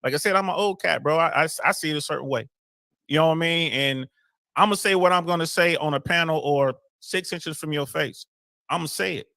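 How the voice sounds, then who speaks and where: A man's voice: on the high side, fairly quick, creaky, bright, forceful tone, dry recording, clean studio sound. A man talking casually on a podcast panel, streetwise and full of filler phrases.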